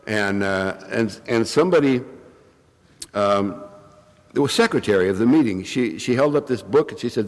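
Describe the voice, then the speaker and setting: His voice is fairly low, his intonation lively, and his pace moderate. A Californian with bronchitis, he coughs here and there while delivering a wry, self-mocking story to a recovery meeting and acting out the quotes. It's humorous storytelling recorded in an echoing hall.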